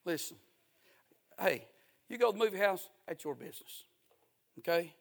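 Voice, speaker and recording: A man's voice: high voice, expressive, normal speed, vocal fry. A male pastor preaching a sermon in a folksy, emphatic way, repeating key phrases.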